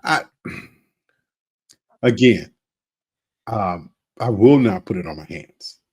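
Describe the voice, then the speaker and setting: A man in his fifties with a husky, somewhat low voice co-hosts a podcast. He talks in an unhurried, candid way, full of fillers and asides. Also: expressive, a little mellow. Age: 50s. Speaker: podcast co-host. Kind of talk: casual chat.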